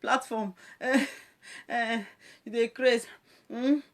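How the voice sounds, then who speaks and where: A woman's voice: fairly high pitch, fairly even intonation, takes it slowly. A woman with a Nigerian accent, a social media presenter ranting on a live video, mocking and scolding her callers and laughing often between lines.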